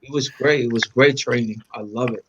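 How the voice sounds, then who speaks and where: A man from Puerto Rico reminiscing in an interview, animated and acting out quoted lines with big pitch jumps. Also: brisk, lo-fi sound, slight background noise. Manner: animated storyteller, acts out quotes with sharp pitch jumps, non-native phrasing. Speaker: interview guest, black belt.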